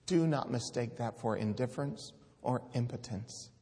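A man's voice: medium pitch, normal speed, dark tone, long reverb tail. A man preaching a sermon, earnest and pleading, reading scripture aloud with rising force.

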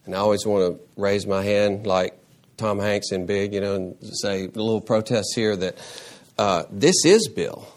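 A man preaching a sermon as pastor, animated, repeating words and restarting phrases, with sudden rises into a high voice for emphasis. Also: normal speed.

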